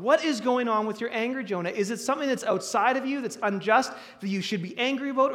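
Guy preaching a sermon, kinda high voice, chatty with restarts, lots of hall echo. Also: fairly bright tone. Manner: conversational, with restarts and bursts of emphasis. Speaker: pastor. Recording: long reverb of a hall.

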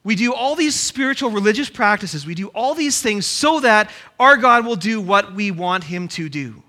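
A man's voice: high voice, expressive, moderate pace, pushed and bright. A man preaching a sermon, reading scripture aloud and then explaining it with rhetorical questions. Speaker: pastor.

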